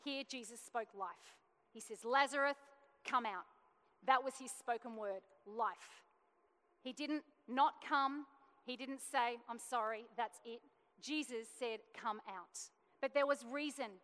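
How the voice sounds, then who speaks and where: A woman's voice: on the high side, unhurried, fairly bright tone. A woman in her thirties giving a testimony sermon, telling a family story earnestly and acting out the dialogue. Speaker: church speaker sharing testimony. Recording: long hall reverb.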